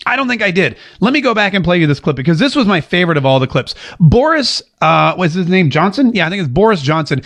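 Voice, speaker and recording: An American man hosts a political talk show in a high, sing-song, slightly bright voice. Reading viewer comments aloud, he jokes and gets sarcastic, tossing in quick asides.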